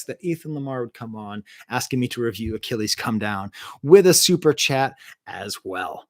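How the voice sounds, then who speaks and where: A man of middle pitch hosts a music review livestream from his home. He ranks albums with eager, rambling enthusiasm and keeps breaking off to answer the live chat. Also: lively intonation, normal speed. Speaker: music review show host.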